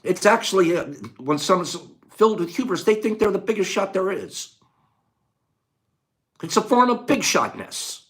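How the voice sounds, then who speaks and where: Older male host, casual and folksy, very animated intonation, flips from hushed to booming. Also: moderate pace. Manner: swings between quiet musing and loud rhetorical outbursts; folksy, says gosh darn and dude. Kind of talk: casual talk on a quote.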